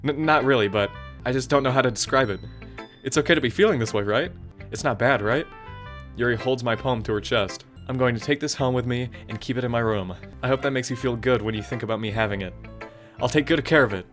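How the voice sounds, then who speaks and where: A man's voice: medium pitch, fast, fairly bright tone, faint music behind, close to an everyday voice. A man reading aloud as a shy, obsessive teenage girl with a fixated, breathless way of talking. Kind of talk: reading game dialogue aloud.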